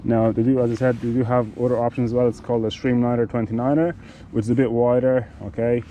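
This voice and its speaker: A man giving a casual product demonstration of cycling gear, talking in a halting way with many fillers and restarts. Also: mid-range voice, little pitch movement, dull audio, slight background noise.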